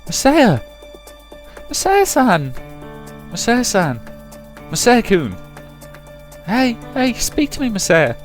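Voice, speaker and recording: A man doing shrill panicked schoolgirls. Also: wildly swooping pitch, slow, pauses often, soft background music, full character voice. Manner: frantic, shrill cries. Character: panicked young schoolgirls, female, high-strung.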